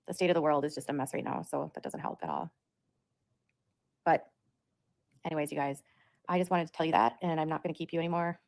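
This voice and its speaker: Woman, low voice, gravelly, rambling livestream talk, repeats herself. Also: a little mellow. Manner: rambling and repetitive, full of "like". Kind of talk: livestream monologue.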